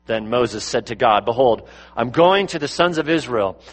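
A male pastor delivering a sermon, swinging between louder, higher bursts and low, quiet passages, with lots of rhetorical questions. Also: expressive, moderate pace. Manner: rises and drops in pitch and loudness for emphasis, asks rhetorical questions.

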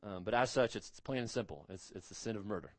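An emphatic male pastor delivers a sermon at a quick pace in a dry recording. He rises to stress key words and drops low on solemn points.

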